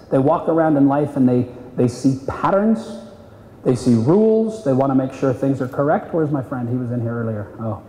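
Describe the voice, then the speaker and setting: A man coaching salespeople at a live seminar, animated and acting out client voices. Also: mid-range voice. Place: seminar room. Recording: echoey hall, voice from a distance.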